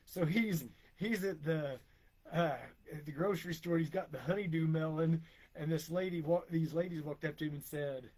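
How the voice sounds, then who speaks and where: A man's voice: a little high, normal speed, a little mellow, rough recording. A middle-aged man co-hosting a podcast, rambling through casual stories, laughing often and acting out quoted lines. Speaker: podcast co-host, wrestler. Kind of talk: casual storytelling chat.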